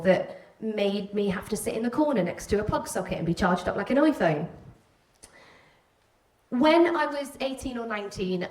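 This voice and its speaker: A woman with a Welsh border accent tells a candid personal story to a live audience, now and then slipping into the voices of people she remembers. Her voice carries through a roomy hall and reaches the microphone from a distance. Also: medium pitch. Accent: Welsh border English. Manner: candid, animated, acts out quoted voices. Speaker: stage speaker telling a personal story. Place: stage before an audience.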